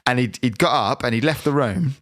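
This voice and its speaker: A man's voice: mid-range voice, brisk, dry recording. Rambling sweary British man, dry sound. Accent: British English. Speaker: podcast co-host. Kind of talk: casual storytelling chat.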